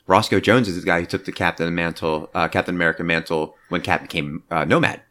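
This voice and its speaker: Male podcast co-host, low voice, eager fan theorizing, casual. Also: fast talker. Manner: animated, theorizing fan talk with many fillers. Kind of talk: casual movie review chat.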